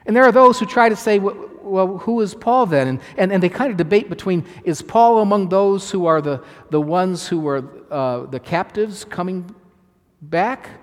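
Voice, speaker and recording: Male pastor, sermon delivery, earnest and emphatic, slightly higher voice, long hall reverb. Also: lively intonation, moderate pace. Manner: earnest preaching with repeated restarts and emphatic quoted lines.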